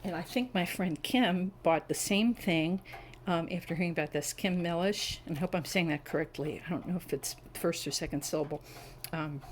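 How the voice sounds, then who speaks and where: Chatty middle-aged woman with a lowish voice. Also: slight background noise, rough recording. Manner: chatty and enthusiastic, savoring scent descriptions. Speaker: wax melt reviewer. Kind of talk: casual product review vlog. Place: home. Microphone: camera on a tripod.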